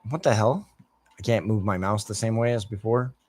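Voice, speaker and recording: A man's voice: lowish voice, moderate pace, a little mellow, no room sound. A man from the United States ranting over gameplay as a gaming streamer, in heated, heavily profane rambling talk.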